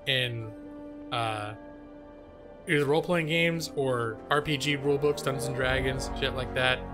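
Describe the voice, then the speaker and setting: A man chatting casually on a live gaming stream, rambling and self-deprecating, with casual swearing. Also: mid-range voice. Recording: faint music behind.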